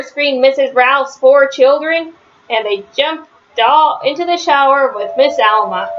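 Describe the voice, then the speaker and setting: A woman reading a children's picture book aloud, with a lively delivery that rises high on the characters' shouts. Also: measured pace, muffled recording. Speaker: storybook reader.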